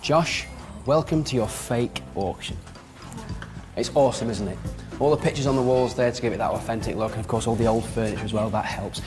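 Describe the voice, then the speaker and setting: Jokey upbeat guy hosting a prank show, fast talker, music under him. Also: medium pitch, big-room sound. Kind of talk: energetic on-location presenting. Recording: music over the voice.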